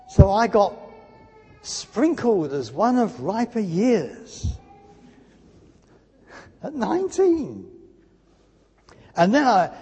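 An older man preaching a sermon in a church, telling stories with lively emphasis and dropping to a near whisper at times. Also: high voice, husky. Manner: animated storytelling with sudden drops to hushed speech. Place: church hall. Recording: long church reverb.

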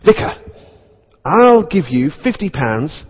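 A man's voice: a little high, very animated, takes it slowly, husky, big-room sound, dull audio, full character voice. A man voicing an eager young groom who bargains to change his wedding vows, in a confiding, pleading tone. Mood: wheedling. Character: eager young groom making a shady deal.

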